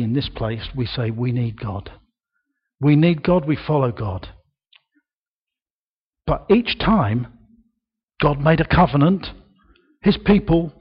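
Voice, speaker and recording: Slow, husky older male preacher. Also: medium pitch, highs cut off. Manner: slow, emphatic delivery with dramatic pauses and raised projection. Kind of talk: sermon. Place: church.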